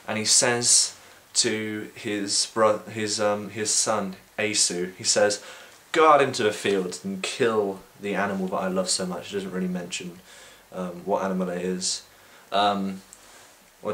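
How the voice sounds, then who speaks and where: A man's voice: sits low, a bit bright, a little hiss or hum. A man casually retelling a book for a video blog in an irreverent, offhand way, with frequent ums and crude slang. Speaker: video blogger.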